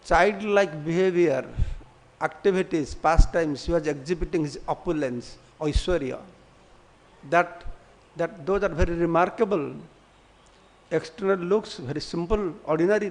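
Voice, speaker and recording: A monk with a high-pitched voice tells devotional stories to his class. He speaks animatedly in simplified English, often breaking into chuckles as he goes. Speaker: monk giving a religious class. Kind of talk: storytelling devotional lecture.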